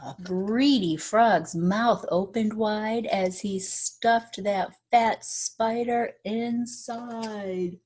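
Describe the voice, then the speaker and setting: Extremely slowly and with few pauses, a woman of medium pitch reads a children's picture book in a slightly mellow voice. As their teacher, she lingers on key words for effect and quizzes her young audience on rhymes.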